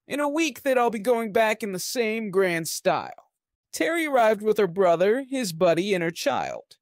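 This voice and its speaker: A man reading a novel aloud as narrator, with an expressive delivery. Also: sits high, dry recording. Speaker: audiobook narrator.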